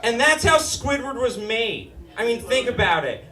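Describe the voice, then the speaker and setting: This is a very high, sing-song male voice, bright and forceful, moving at a moderate pace as a Utah man does stand-up. His nasal whine drives sardonic, swear-filled punchlines on a small comedy stage with a live studio audience. The distant mic captures a roomy sound and plenty of laughter.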